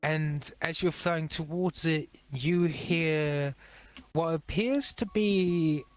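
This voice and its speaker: A man narrating a tabletop role-playing game as game master, describing scenes slowly. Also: a little high, soft background music.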